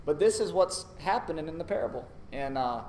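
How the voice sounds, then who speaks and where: A man's voice: fairly high pitch, animated, brisk, a little mellow. A man preaching a sermon in a conversational, storytelling way, acting out short asides. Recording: echoey room with faint noise.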